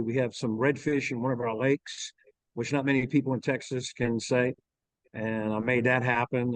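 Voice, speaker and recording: A middle-aged man with a Louisiana accent, a golf ranch owner in a casual interview, talking slowly and haltingly with many fillers. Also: mid-range voice, a little mellow, no room sound, low-quality recording.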